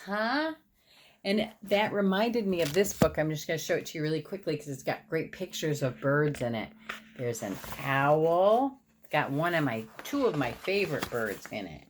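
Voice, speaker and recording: Slow, expressive woman reading a picture book. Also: sits low, a little hiss or hum. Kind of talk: children's read-aloud.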